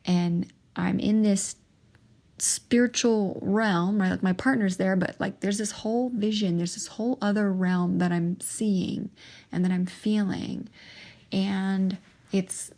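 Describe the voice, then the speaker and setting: Young woman, gravelly voice, halting emotional monologue. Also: medium pitch, a little mellow. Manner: emotional, halting, with restarts and pauses. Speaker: podcast host sharing her testimony. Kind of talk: personal testimony monologue.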